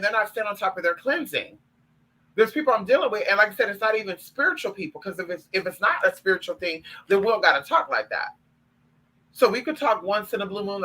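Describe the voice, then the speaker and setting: A man's voice: sits high, pushed and bright, husky, rough recording. A man, talking in a sassy, profane and emphatic way as he chats on a live stream with viewers about spiritual practice.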